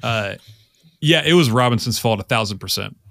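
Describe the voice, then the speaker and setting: A man's voice: mid-range voice, lively intonation, moderate pace, vocal fry, a bit bright, no room sound, clean studio sound. A man co-hosting a casual sports podcast, rambling and joking. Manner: rambling, restarts and jokes. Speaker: podcast co-host.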